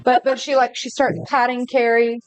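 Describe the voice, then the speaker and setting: A woman's voice: on the high side, little pitch movement, moderate pace, clean tone, dry recording. Woman player voicing her character. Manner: shifts between narrating her character and pleading in a tearful put-on voice. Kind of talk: tabletop role-play in character.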